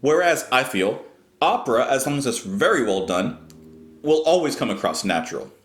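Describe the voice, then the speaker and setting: A man's voice: medium pitch, sing-song, echoey room. A man giving casual, thoughtful commentary while reacting to music, explaining what he hears. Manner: thoughtful, explanatory, pauses to restart.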